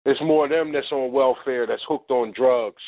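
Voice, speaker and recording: A man's voice: medium pitch, moderate pace, no room sound. A man co-hosting a talk radio show, speaking in a conversational, emphatic way straight to the listeners. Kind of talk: casual talk radio commentary. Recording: dry, tinny phone line.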